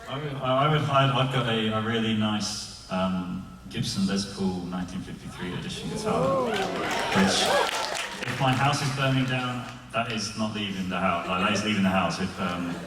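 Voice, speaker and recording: A man on a convention panel telling relaxed, halting anecdotes. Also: lowish voice, crowd noise. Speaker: panel guest. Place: large convention hall. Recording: echoey hall from far off, noisy.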